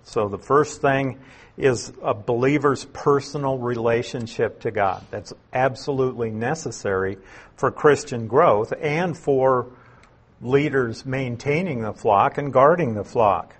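A man teaching through a Bible passage verse by verse as an elder, unhurried, explaining words and repeating key phrases for emphasis. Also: medium pitch, breathy edge.

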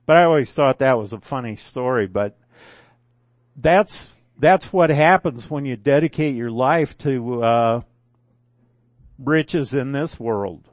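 An older man giving a conversational sermon at a very slow, deliberate pace, drawling through folksy asides and stopping to correct himself. His voice sits at a middle pitch and sounds dry and close, with little room around it. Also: no room sound. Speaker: preacher.

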